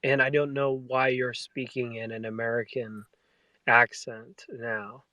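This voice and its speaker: A man's voice: mid-range voice, flat delivery, unhurried, bright, forceful tone, no room sound, lo-fi sound. Man, blunt teasing casual chat, dry close sound.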